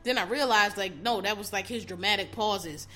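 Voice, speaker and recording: A woman's voice: mid-range voice, moderate pace, fairly bright tone. A woman hosting a casual commentary show, ranting bluntly with heavy swearing and exasperated mockery. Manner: mocks others in put-on voices.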